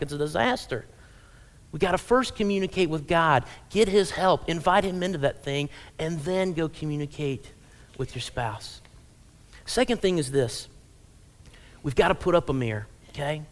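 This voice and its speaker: A male pastor giving a conversational, humorous sermon in a church, often checking in with the congregation. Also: sits high. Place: church sanctuary.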